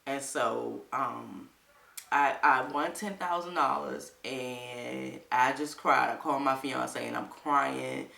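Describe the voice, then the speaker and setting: A woman chatting to her viewers in a casual, animated storytelling style, quoting people in livelier voices. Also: rumbling low, slow pace, gravelly, reverberant, far from the mic. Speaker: vlogger.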